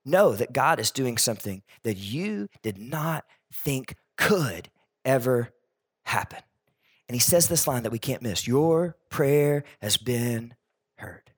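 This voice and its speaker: A man preaching a sermon, animated and joking, acting out the characters he quotes. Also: medium pitch, measured pace, slightly rough. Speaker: pastor.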